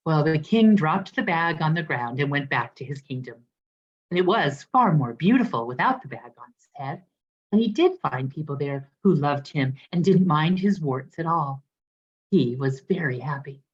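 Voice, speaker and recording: A woman minister telling a parable in a sermon, expressive and lively in the way she voices its characters. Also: low-pitched, moderate pace, husky, highs cut off. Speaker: guest minister. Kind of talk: sermon storytelling.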